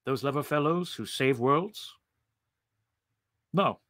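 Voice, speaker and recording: A man voicing a timid, bewildered Martian man who speaks softly and hesitantly. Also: mid-range voice, slow pace, no room sound. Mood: mournful. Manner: soft, hesitant, polite.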